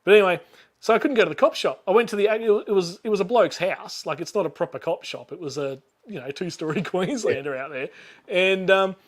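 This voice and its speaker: Chatty, high-voiced Australian man. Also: fairly quick. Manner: rambling, laughs often, lots of fillers and restarts. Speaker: YouTuber guest. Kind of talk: casual storytelling chat.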